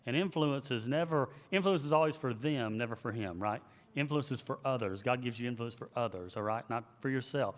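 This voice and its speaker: A man who is a pastor, giving an emphatic, animated leadership teaching and repeating his key phrases. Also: medium pitch, brisk. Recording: long hall reverb.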